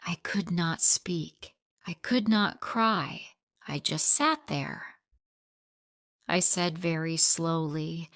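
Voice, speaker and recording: A woman narrating a simple audiobook story for English learners in short, steady, plain sentences. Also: low-pitched, slow pace, no echo, studio quality.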